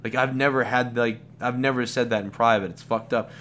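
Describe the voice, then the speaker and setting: A man's voice: mid-range voice, steady tone, fairly quick, a bit bright, a little hiss or hum. A man hosting a live Q&A stream, talking casually in a rambling, profane way with many restarts and fillers. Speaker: livestream host.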